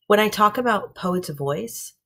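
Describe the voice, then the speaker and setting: A woman's voice: mid-range voice, lively intonation, measured pace, a bit bright. A woman teaching a middle school class, explaining patiently with everyday examples and checking in with "okay?" and "right?" after each point. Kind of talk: classroom lecture.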